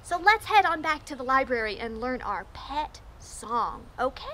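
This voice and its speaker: A woman librarian leading a storytime for young children, talking in an animated, exaggerated sing-song way. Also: sits high, normal speed, a little hiss or hum.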